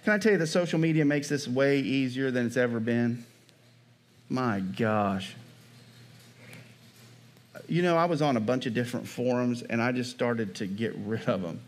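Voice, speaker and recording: A pastor preaching a sermon in a conversational way, often checking in with the congregation by asking "Amen?" and "right?". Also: male voice, mid-range voice, moderate pace, slight background noise.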